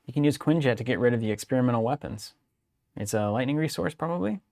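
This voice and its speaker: A man's voice: mid-range voice, lively intonation, quick pace, vocal fry, darkish tone, no echo, studio quality. Joking, teasing man on a stream. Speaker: co-host of a card game stream. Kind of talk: casual banter during live stream. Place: home streaming studio. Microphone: studio broadcast microphone on a boom.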